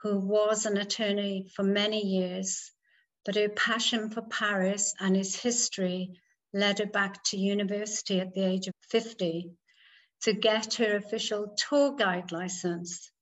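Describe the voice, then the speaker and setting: A woman host reads a formal introduction for a guest speaker. She talks very slowly and keeps her pitch flat and steady. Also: low-quality recording. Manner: formal, measured. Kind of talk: read-out introduction.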